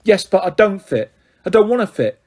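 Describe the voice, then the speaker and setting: A man voicing a defiant, sharp-tongued young runaway girl. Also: high-pitched, sing-song, moderate pace, pitched above the performer's own voice. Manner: defiant, scornful.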